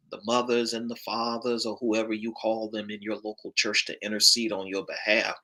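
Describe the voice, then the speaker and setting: A man's voice: fairly low pitch, bright, forceful tone, low-quality recording. A man, a pastor, speaking on a panel with an emphatic, preacher-like cadence. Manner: emphatic, rising preacher-like delivery.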